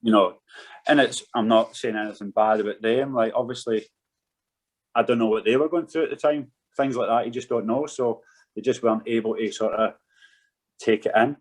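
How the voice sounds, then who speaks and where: A man's voice: mid-range voice, steady tone, moderate pace, poor audio. A man in his thirties, a podcast guest and former footballer, telling his story candidly and frankly, swearing freely.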